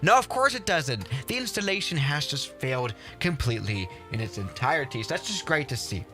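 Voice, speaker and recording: Guy streaming a flight sim, bright animated voice, rambly and fed up, bit of music in the back. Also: mid-range voice, a little fast. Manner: rambling and exasperated, swearing mildly. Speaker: livestream host. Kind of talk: casual gameplay commentary.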